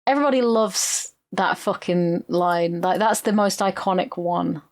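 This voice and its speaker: A woman's voice: on the low side, measured pace, no echo, studio quality. A woman, co-hosting a podcast and retelling a film plot in casual chat, swearing freely. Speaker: podcast co-host.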